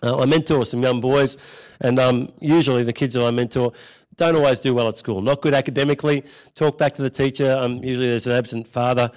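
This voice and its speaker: A man's voice: mid-range voice, fairly even intonation, quick pace, a little mellow, rough recording. A middle-aged man preaching a sermon in a conversational way, often repeating key phrases for emphasis.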